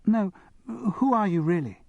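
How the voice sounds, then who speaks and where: A man's voice: high-pitched, animated, unhurried, creaky, no room sound, muffled recording, voice pushed up, full character voice. A man voicing a giggly, easily impressed upper-class teenage girl with an English public-school accent in an audiobook. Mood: girlish eager. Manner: girlish, bright, enthusiastic. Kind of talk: audiobook character voice.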